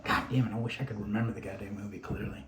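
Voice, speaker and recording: A man's voice: fairly low pitch, fairly even intonation, rapid-fire, fairly bright tone, a little hiss or hum. A man in a rambling, profane casual monologue, sighing often and restarting his sentences. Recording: roomy room, faint ambience.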